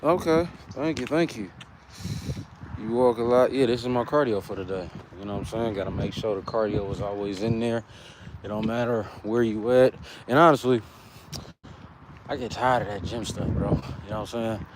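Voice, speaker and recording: An American man chatting casually with slang to livestream viewers while walking outdoors for cardio. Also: medium pitch. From United States. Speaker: fitness vlogger. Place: outdoors on an urban street, walking. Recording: faint traffic noise outside.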